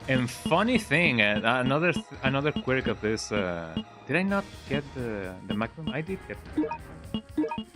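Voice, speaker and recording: A man streaming a video game, giving relaxed, rambling commentary with joking asides. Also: mid-range voice, normal speed. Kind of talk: casual gameplay commentary. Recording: game capture with loud music. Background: game music and sounds.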